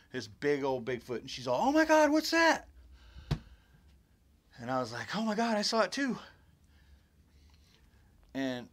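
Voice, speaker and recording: Man, mid-pitch, loose and rambling first-person storyteller, animated delivery. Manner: rambling and animated, acts out others' exclamations. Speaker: storyteller recounting his own encounter. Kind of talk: casual spoken storytelling.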